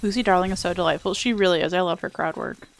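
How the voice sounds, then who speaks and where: A woman's voice: on the low side, fast talker. A young woman chatting casually while streaming a video game, wry and self-mocking, with some swearing. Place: home room.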